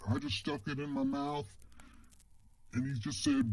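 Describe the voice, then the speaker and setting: A man's voice: medium pitch, wildly swooping pitch, measured pace, vocal fry, pauses often, husky, poor audio. A man telling a story casually in the first person, rambling and ending many phrases with "man".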